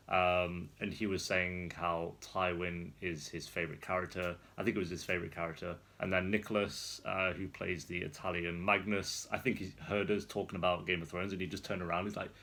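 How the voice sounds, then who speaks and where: This young man's voice is low with a fairly bright tone. He's vlogging casually from a rolling chair indoors, chatting through a rambling story and laughing frequently.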